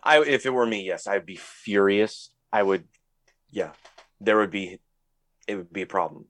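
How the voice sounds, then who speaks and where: A man with a fairly low voice co-hosts a casual podcast. He talks bluntly and thinks out loud, swearing freely. The sound is dry and close. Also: moderate pace, no echo. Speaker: podcast co-host. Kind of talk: casual chat.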